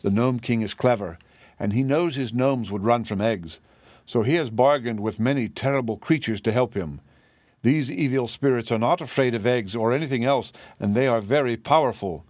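A man reading an audiobook, voicing a kindly tin man emperor in a gentle, grave, measured way. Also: medium pitch, no room sound, natural voice.

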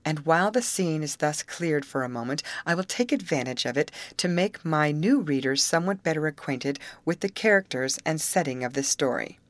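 Low-voiced woman narrating a novel. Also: expressive, normal speed, hardly any pauses, dry recording. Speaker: audiobook narrator.

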